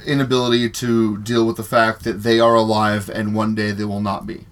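A man's voice: on the low side, level tone, normal speed. A man in casual chat on a podcast, bluntly summing up a point.

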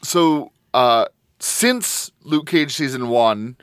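A man hosting a casual podcast chat, often pausing with ums and restarting his sentences. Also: medium pitch, animated, clean tone, dry recording, clean studio sound. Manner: hesitant, many ums and restarts. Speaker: podcast host.

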